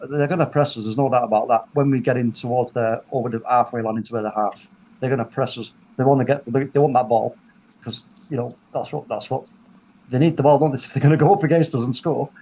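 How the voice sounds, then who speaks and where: A man hosting a casual football chat over a video call, talking in animated, rambling bursts full of restarts. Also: mid-range voice, a little hiss or hum, low-quality recording. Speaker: football podcast host.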